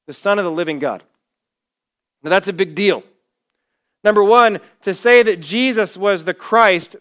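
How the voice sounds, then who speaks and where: A man's voice: high-pitched, sharp tone, clear, resonant tone. A male pastor preaching a sermon, telling the story with energy and acting out the quoted lines in a casual, conversational way.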